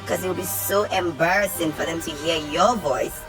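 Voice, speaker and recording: Confrontational woman over loud music. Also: fairly low pitch, normal speed. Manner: scolding, confrontational. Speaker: reality show cast member. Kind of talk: heated confrontation. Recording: show clip with music behind.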